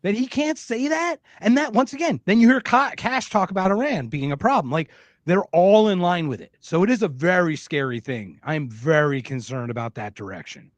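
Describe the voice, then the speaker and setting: A man co-hosting a podcast in casual chat, excitable and sarcastic, swearing often. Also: high voice, moderate pace, dry recording. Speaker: podcast co-host.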